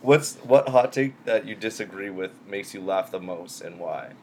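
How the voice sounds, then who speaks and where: Brief: young male co-host, lowish voice, offhand profane chat, slight noise in the background. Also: normal speed, a little mellow. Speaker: podcast co-host. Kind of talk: casual sports chat.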